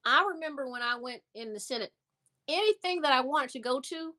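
A woman telling a story in a casual interview, animated and acting out the voices of people she quotes. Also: high-pitched, fairly quick. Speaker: interview guest.

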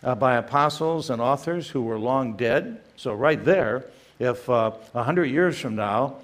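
An older man giving a firm, emphatic lecture as a guest speaker, often pausing with "uh" between phrases. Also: mid-range voice. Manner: emphatic, many "uh" fillers, reads quotations aloud. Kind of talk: apologetics lecture.

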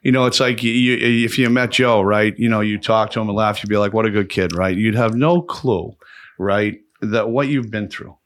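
A man's voice: on the low side, normal speed, fairly bright tone. A man hosting a podcast in casual chat, telling rambling stories and swearing freely. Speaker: podcast host.

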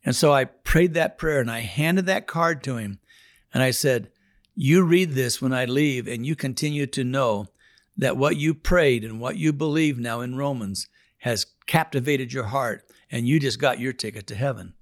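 A man's voice: mid-range voice, moderate pace, no echo, studio quality. A man who leads a prison Bible study tells his own testimony in an earnest, emphatic way, often repeating words. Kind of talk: spoken testimony.

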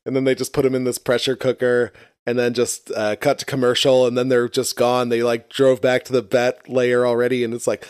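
A man with an average-pitched voice riffs on a TV episode, mocking it with crude jokes and frequent laughter. His talk is loose and unscripted, full of fillers. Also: little pitch movement, fairly quick, darkish tone, smooth, dry recording, studio quality. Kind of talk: casual chat reviewing a TV episode.

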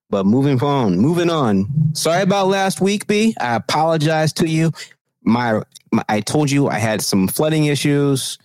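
A man co-hosting a casual podcast chat, telling stories in a profane, animated way. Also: mid-range voice, dry recording. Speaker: podcast co-host.

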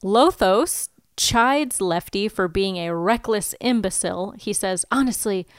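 A woman's voice: mid-range voice, expressive, takes it slowly, clean tone, no echo, clean studio sound. A woman co-hosting a podcast, casually recapping a movie's plot and giggling often. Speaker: podcast co-host.

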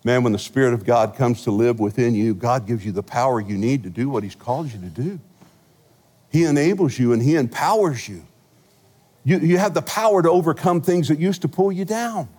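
Animated male pastor preaching in a hall. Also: mid-range voice, a little fast, slightly rough. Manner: animated, humorous storytelling with big swings in loudness. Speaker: senior pastor. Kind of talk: sermon. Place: large church sanctuary.

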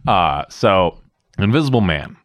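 A young man with a lowish voice tells stories in loose, casual podcast chat. His pitch swings widely and he breaks into laughter often. The sound is dry and close. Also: unhurried, no echo. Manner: animated storytelling with bursts of laughter. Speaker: podcast co-host.

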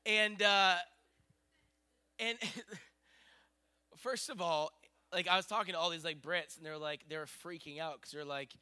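A middle-aged man preaching, telling a story in an animated, excitable way. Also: a little high, a little slow, long pauses, clear, resonant tone. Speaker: pastor. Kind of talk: sermon storytelling.

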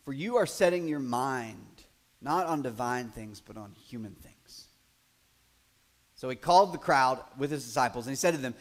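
A man preaching a sermon in a conversational way, building to loud, emphatic passages and acting out quoted voices. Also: high-pitched, big pitch swings, normal speed. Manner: acts out quoted voices in asides. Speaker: pastor.

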